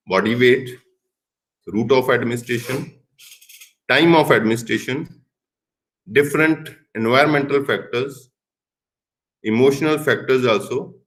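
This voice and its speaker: A middle-aged male professor with an Indian English accent delivers a recorded lecture. His voice sits at an ordinary mid pitch, and he talks in measured phrases that lean hard on the words he wants remembered. Now and then he drops into Hindi to explain a point. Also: fairly bright tone, low-quality recording. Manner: deliberate, stresses key words, slips into Hindi. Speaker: pharmacy professor.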